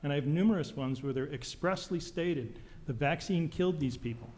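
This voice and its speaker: A man's voice: on the high side, brisk, a little mellow. A man testifying at a legislative hearing, intense and accusatory, firing off medical jargon. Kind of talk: public testimony. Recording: long hall reverb.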